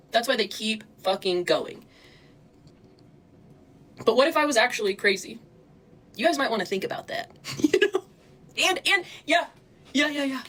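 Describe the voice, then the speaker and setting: A woman's voice: a little high, fairly bright tone, low-quality recording. A young woman venting to her chat on a livestream, agitated and swearing heavily as she talks to viewers.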